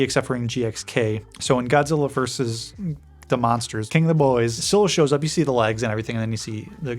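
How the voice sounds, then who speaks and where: A man hosting a casual reaction video about collectible figures, chatty and excitable, with goofy exclamations and asides to viewers. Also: medium pitch. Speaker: toy collector channel host.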